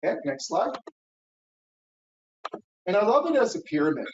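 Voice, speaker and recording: A middle-aged man speaks at a conference with a fairly high voice that rises and falls in a lively way. He talks in an encouraging coaching tone and keeps checking in with his audience. The sound is roomy and a little dull, as if recorded from the hall. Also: moderate pace, slight background noise. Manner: lively, coaching tone, with frequent "right?" and "okay?" check-ins. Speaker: keynote speaker. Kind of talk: conference keynote talk.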